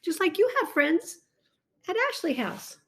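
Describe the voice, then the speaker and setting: Woman, high voice, slow pace, picture book read-aloud to a child, animated, exclaiming. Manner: animated, talks to a child between pages; slow and warm, exclaiming often. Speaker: reader to a child.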